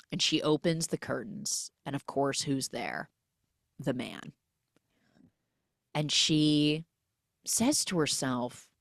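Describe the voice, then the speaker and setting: A woman hosting a podcast, retelling a film's plot in a casual, animated way and acting out the characters' lines in quick quoted voices. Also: low-pitched, no echo, studio quality. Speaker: podcast host recapping a film.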